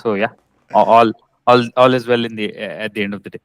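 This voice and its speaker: A man with a smooth, resonant voice, recorded close and dry, talking cricket casually. He delivers firm opinions and short verdicts without much hedging. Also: fairly low pitch, fairly even intonation, fast, no echo, poor audio. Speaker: cricket podcast co-host.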